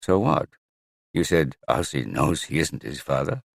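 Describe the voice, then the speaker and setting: A man's voice: very deep voice, big pitch swings, unhurried, creaky, no room sound, studio quality, heavily acted. A man voicing a desperate, pleading father. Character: troubled man, desperate to see his son.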